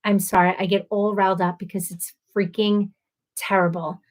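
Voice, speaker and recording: A woman in her thirties hosting a casual live stream, ranting in an animated, exasperated way and acting out quoted voices. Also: mid-range voice, moderate pace.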